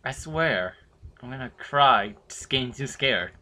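A teenage boy hosting a horror game playthrough, chatting to viewers in rambling asides and swearing loudly when startled. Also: medium pitch, lively intonation, unhurried. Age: teens. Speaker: gaming channel host. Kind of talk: horror game let's play commentary.

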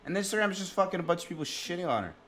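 Young man, streamer, swings his pitch up and down a lot, swears constantly, rambling reaction commentary. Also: expressive, racing, music in the background.

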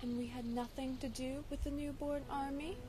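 A woman's voice: high-pitched, level tone, normal speed, close to an everyday voice. A woman playing a smug girl enforcer. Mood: pointed.

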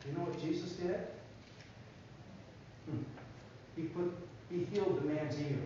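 A man giving a children's sermon in a church, telling a Bible story in an animated way and asking the kids questions. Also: high voice, slight background noise. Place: church sanctuary. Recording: echoey church from far off, dull sound.

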